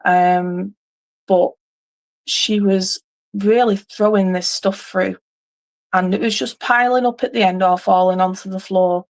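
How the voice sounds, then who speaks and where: A woman's voice: mid-range voice, steady tone, unhurried. Rambling woman telling a story. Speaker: livestream host. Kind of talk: casual chat on a livestream.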